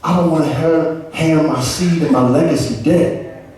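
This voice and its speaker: A man preaching in a big church hall, his high voice ringing with heavy echo. He sounds a little distant from the mic, and he calls on the crowd to answer back. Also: measured pace. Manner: animated preaching with call-and-response and acted quotes. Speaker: pastor. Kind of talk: sermon. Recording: echoey hall, far from mic.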